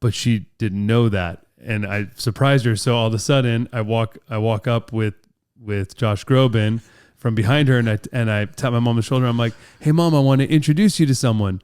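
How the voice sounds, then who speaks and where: A man, hosting a casual interview and telling an animated story. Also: medium pitch, a little fast, clean tone. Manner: animated storyteller, acts out quoted voices. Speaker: interviewer and host.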